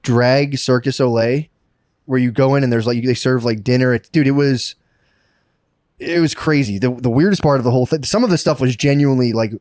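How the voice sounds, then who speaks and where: A man's voice: medium pitch, fairly quick, a little mellow, no echo, clean studio sound. A man co-hosting a podcast, telling rambling stories full of swearing and acted-out voices. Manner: rambling storyteller, acts out voices, swears a lot. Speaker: podcast co-host. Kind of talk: casual podcast chat.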